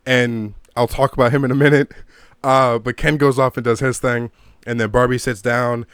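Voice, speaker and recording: Guy ranting about a movie at home, swears nonstop, smooth clear voice, no room echo. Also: medium pitch, studio quality. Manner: profane, rambling, gets worked up. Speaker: video creator reviewing a movie. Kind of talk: casual ranting commentary. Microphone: own desk mic.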